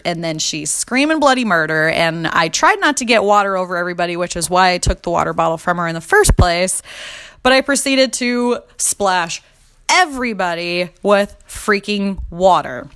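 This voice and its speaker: A woman's voice: medium pitch, a bit bright, clear, resonant tone. A young woman in her twenties telling funny mom-fail stories in a casual confessional chat, laughing often and swearing freely. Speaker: mom vlogger.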